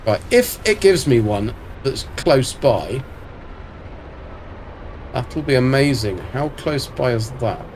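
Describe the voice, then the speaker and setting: A man with a mid-range, darkish voice and lively intonation takes his time, pausing often, over slight background noise and faint music. He's casually commentating a live-streamed game, chatting to viewers by name and swearing freely.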